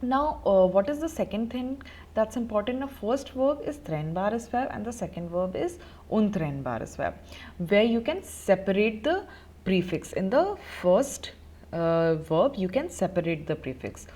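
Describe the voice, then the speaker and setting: A woman's voice: mid-range voice, big pitch swings, measured pace, a little mellow. A woman with an Indian English accent explaining German grammar in an online lesson, with frequent fillers as she explains. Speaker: German language teacher. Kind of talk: online language lesson, mixing Hindi and English.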